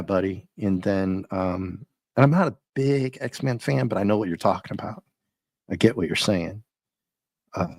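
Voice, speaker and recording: A man hosting a live stream, chatting and ranting casually with viewers, his voice a little rough and often breaking into laughs. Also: on the low side, dry recording. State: slightly rough voice. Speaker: livestream host.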